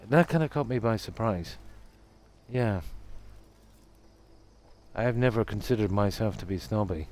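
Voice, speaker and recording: Low-voiced Irish Midlands man, rambling. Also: a little slow, pauses often, slight background noise. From Ireland. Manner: relaxed, rambling, self-deprecating. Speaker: game streamer. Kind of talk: casual chat with stream viewers.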